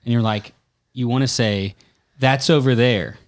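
A man's voice: mid-range voice, a little slow, dry recording, clean studio sound. A man from North Carolina with a Southern accent, hosting a podcast in casual, teasing chat. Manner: joking, teasing. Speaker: podcast host.

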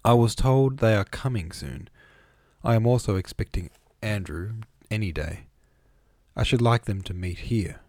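A man voicing a gentle, sorrowful young noblewoman in an audiobook, reading her lines in a raised, pleading tone. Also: lowish voice, expressive, unhurried, no room sound. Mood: earnest.

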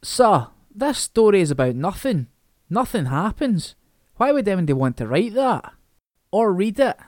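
A man voicing a blunt, mouthy teenage schoolboy who talks loudly and challenges. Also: high-pitched, very animated, normal speed, no echo, studio quality, pitched above the performer's own voice. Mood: scornful. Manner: loud, challenging.

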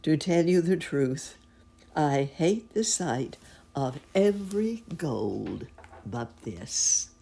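A woman voicing a remorseful, humbled old king in a storybook, with pleading, drawn-out emotional lines. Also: sits low, sing-song, creaky, dark tone, breathy edge, heavily acted. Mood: tender.

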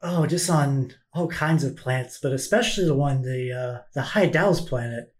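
A man's voice: mid-range voice, moderate pace, close to an everyday voice. A man voicing an eccentric flesh-eating female alien scientist, breezy and oddly polite. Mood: chatty.

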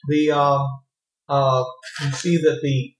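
A man narrating a tabletop game as the game master, halting often with filler words. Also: medium pitch, level tone, roomy sound, a little hiss or hum, poor audio. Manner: halting, many "uh"s.

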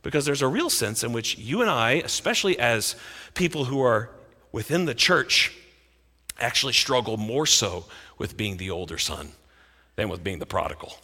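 A male pastor preaching with a lively, swooping delivery and a bright, forceful tone. He turns dramatic, moving from loud to near-quiet. His voice carries long reverb from a church hall. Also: mid-range voice, normal speed. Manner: expressive, dramatic storytelling with big swings in loudness. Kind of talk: sermon. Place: church sanctuary.

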